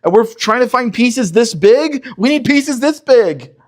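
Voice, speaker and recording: A man's voice: very high voice, lively intonation, a little slow, voice pushed up. A man doing a frantic, worn-out slave laborer. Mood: exhausted. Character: worn-out male Hebrew slave gathering straw.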